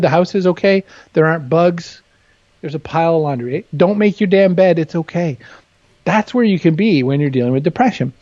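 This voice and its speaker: Appearing as an interview guest, a male author chats casually, candid and funny, frequently self-deprecating. He has a high, mellow voice, captured with lo-fi sound and no echo.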